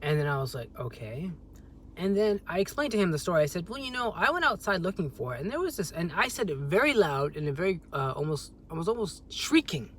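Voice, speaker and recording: A young man telling a story on a vlog as a rambling, agitated rant, with sudden loud jumps in pitch. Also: big pitch swings, fast talker, a little hiss or hum. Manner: rambling, with many restarts. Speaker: vlogger.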